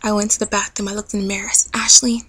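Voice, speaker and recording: A woman's voice: mid-range voice, completely flat delivery, racing, breathy edge, no room sound, poor audio. A young adult woman telling an earnest, chatty personal story in a casual vlog, with many fillers. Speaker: vlogger.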